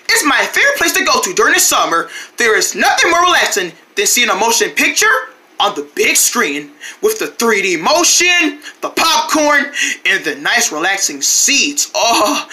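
A woman voicing a bubbly excitable buddy guy. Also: fairly high pitch, exaggerated voice. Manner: bubbly, gushing, repetitive. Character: cheerful excitable male buddy character. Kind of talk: hobby character voicing.

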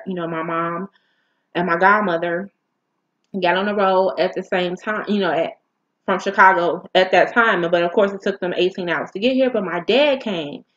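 A woman vlogger telling a painful personal story in an emotional, halting, candid way. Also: lowish voice, a bit bright, dull audio.

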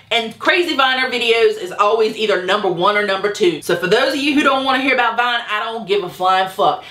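A woman's voice: mid-range voice, a bit bright, roomy sound. A woman YouTuber in an angry, sarcastic, profane rant vlog. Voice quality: profane, cutting. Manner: indignant, sarcastic ranting.

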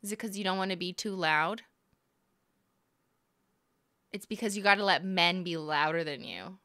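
A woman's voice: lowish voice, a little fast, few pauses, bright, forceful tone, no room sound, clean studio sound. A young woman from Canada giving casual, playful and sarcastic live-stream commentary as she reacts to videos, laughing often.

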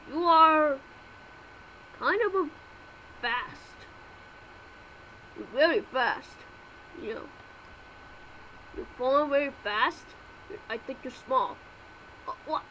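A woman's voice: high-pitched, a bit bright, a little hiss or hum, rough recording. A woman voicing all the characters of a homemade fan cartoon, with frantic yelps and exclamations.

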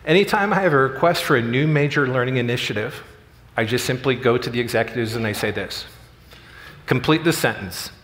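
A middle-aged man speaks from a conference stage and talks an audience through a workplace story in an earnest, plain way. His voice sits at an ordinary pitch for a man. A long reverb from the big hall trails behind each phrase. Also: fairly quick, fairly bright tone. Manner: earnest, story-driven, acts out quoted lines. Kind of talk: storytelling keynote speech.

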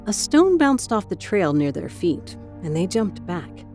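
A woman reading a spooky story as narrator, with a measured, dramatic manner. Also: medium pitch, sing-song, warm tone. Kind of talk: scripted ghost story narration. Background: faint music.

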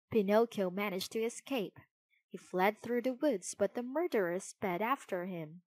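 A woman reading a children's storybook aloud in a clear, deliberate way. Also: medium pitch, no room sound. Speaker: narrator.

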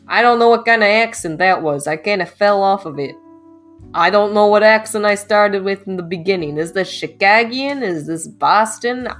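A woman's voice: mid-range voice, fairly bright tone. A young woman streamer chats playfully through a dating game, giggling often. Her nose is slightly stuffy, and faint background music plays under her voice. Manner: playful, giggly, reads dialogue aloud. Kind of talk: casual gameplay commentary.

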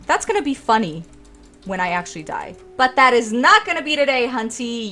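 A young woman narrating her gameplay with sass and theatrical exasperation. Her voice sits fairly high, and faint music plays underneath. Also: big pitch swings, brisk, pushed and bright. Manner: sassy, dramatic, exasperated. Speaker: let's play streamer. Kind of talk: gameplay commentary.

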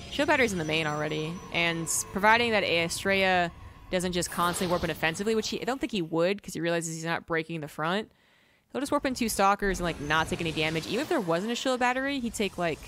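A woman's voice: fairly low pitch, lively intonation, fast, fairly bright tone. An American woman giving casual live game commentary as a caster, rambling and correcting herself as she goes. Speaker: esports caster. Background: music.

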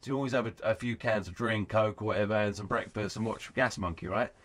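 A British man telling rambling, excitable stories with plenty of swearing as a podcast guest. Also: fairly low pitch, quick pace. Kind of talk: casual podcast storytelling.

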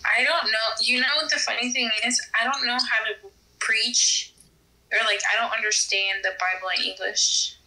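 A woman's voice: a little high, steady tone, normal speed, pushed and bright, poor audio. A young woman chatting casually with a stranger on a video call, laid-back and evasive.

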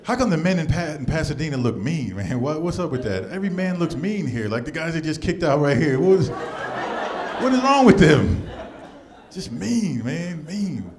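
A man's voice: on the high side, a little fast, few pauses. A man performing a stand-up comedy set in a club, telling stories and acting out the people in them with raised voices. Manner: animated storytelling, acting out characters in raised voices. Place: comedy club stage with a laughing audience.

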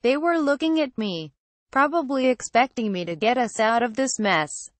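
A woman reading a first-person horror story aloud in a steady storytelling manner. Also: fairly high pitch, normal speed, no echo. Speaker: narrator. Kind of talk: scripted horror story narration.

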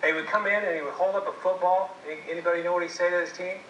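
A man with a bright, slightly high voice gives a seminar talk, telling jokey stories and quizzing his audience. He is heard as a video played from a distance in an echoey room, with faint noise underneath. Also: steady tone, rapid-fire. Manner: jokey storytelling, addresses audience. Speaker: marriage seminar speaker. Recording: echoey video playback from far off.

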